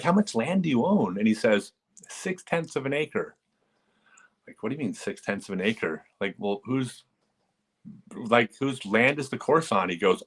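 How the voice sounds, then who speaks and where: A man with a mid-range voice hosts a relaxed live stream, spinning long stories with plenty of energy. He often breaks into chuckles and acts out what people said. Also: medium pitch, husky. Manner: animated storyteller who chuckles and acts out quotes. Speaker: live-stream host telling disc golf stories. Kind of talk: casual live-stream storytelling.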